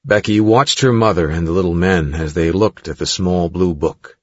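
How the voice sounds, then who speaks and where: A man narrating an audiobook in a measured, dramatic way. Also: deep voice, dry recording. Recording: dull dry studio recording.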